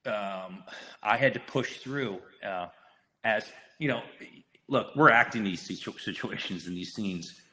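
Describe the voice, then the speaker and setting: A man's voice: lowish voice, unhurried, bright, forceful tone. A male actor, a guest on a podcast, telling a story in casual, profane talk full of restarts. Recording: long reverb hall with faint noise.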